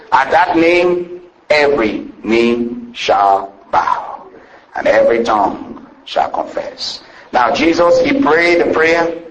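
A man's voice: medium pitch, poor audio. A man preaching a sermon, reading scripture aloud and building phrases with rising and falling emphasis. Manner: rhythmic preaching with swooping rises and drawn-out phrases; reads scripture aloud in old-style wording.

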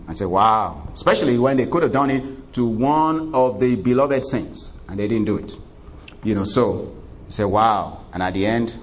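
A man's voice: lowish voice, lo-fi sound. A man preaching a sermon who retells scripture in a folksy way, with chuckles and frequent "you know" asides.

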